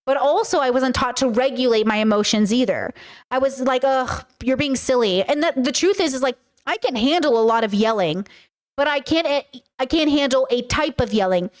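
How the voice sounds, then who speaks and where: A woman streamer chatting casually with her live chat, loud and excitable, a self-described yell talker. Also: sits high, a little fast. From grew up in a Middle Eastern home. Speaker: streamer reacting to a video.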